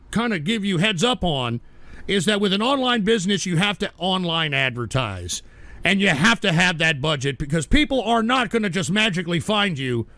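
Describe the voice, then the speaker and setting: Guy ranting on his stream, gravelly and kinda high, flips from muttering to yelling, dry sound. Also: dry recording. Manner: combative, swings from mutters to shouting. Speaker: livestream host reading chat. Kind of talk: angry livestream rant.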